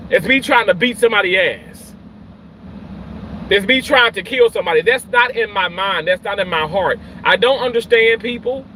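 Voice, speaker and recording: A man who works in healthcare, ranting in an emotional vlog, swinging from loud yelling to quiet, halting talk, often repeating himself and swearing. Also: sits high, a little hiss or hum, poor audio. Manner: repeats and restarts phrases, swears. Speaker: healthcare worker.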